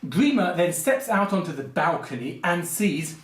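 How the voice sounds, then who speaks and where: A man with a high voice talks casually about films, drifting into animated rants full of asides. His pitch swings widely, and the sound bounces around a roomy, echoey space. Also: normal speed. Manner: digressive, animated ranting with frequent asides. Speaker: film commentary video host. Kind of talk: casual spoken commentary.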